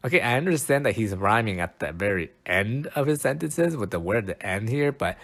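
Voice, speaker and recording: A man's voice: on the low side, animated, brisk, creaky, fairly bright tone. A man hosting a casual podcast, bemused and poking fun at himself as he talks. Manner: bemused, self-mocking, laughs at himself. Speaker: podcast host.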